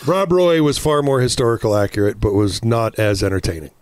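A man's voice: mid-range voice, expressive, fairly quick, a little mellow, clean tone, no echo. A man co-hosting a casual comedy podcast, sarcastic and joking, with rambling asides. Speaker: podcast co-host.

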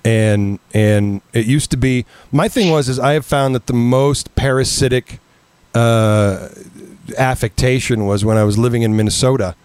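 A man's voice: medium pitch, normal speed, darkish tone, clean tone, no room sound. A middle-aged man chatting casually on a podcast, telling stories with a self-deprecating edge. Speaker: podcast co-host.

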